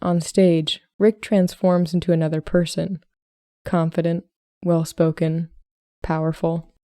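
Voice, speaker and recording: A woman hosting a podcast who reads a short story aloud in calm, measured scripted narration. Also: on the low side, smooth, no echo, studio quality. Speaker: podcast host and story reader.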